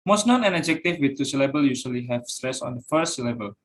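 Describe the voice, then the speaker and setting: A man's voice: mid-range voice, animated, fast talker, slight background noise. A young man giving a class presentation, reading out points with frequent fillers and repeating each example word. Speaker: student presenter.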